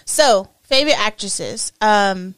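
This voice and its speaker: A woman co-hosting a casual podcast chat, animated and chatty, laughing often. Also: medium pitch, slow pace, smooth, no echo, clean studio sound. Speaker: podcast co-host.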